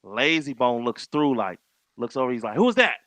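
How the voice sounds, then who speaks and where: Young male host, bright tense tone, dry close sound, lively storyteller who voices the people in his tale. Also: medium pitch, moderate pace, dry recording. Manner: animated, acts out quoted dialogue. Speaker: podcast host. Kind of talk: casual storytelling chat.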